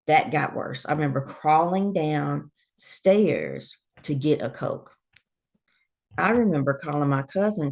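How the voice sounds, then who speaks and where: A woman's voice: sits low, a little slow, creaky. A woman, a guest telling her own story in a casual interview and acting out the voices of the people in it. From Georgia, USA. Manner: animated storyteller who acts out quoted voices.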